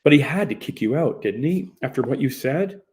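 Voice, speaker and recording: A man voicing a quiet, concerned young woman who speaks softly and plainly in an audiobook. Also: medium pitch, expressive, a little fast, pitched above the performer's own voice, close to an everyday voice.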